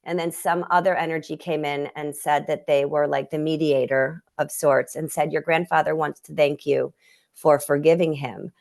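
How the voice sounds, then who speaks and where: Female guest healer with a low voice, earnest and heartfelt, talking over a video call. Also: fairly even intonation, normal speed, vocal fry, darkish tone. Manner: earnest, emotional storytelling with many restarts. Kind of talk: personal storytelling in conversation.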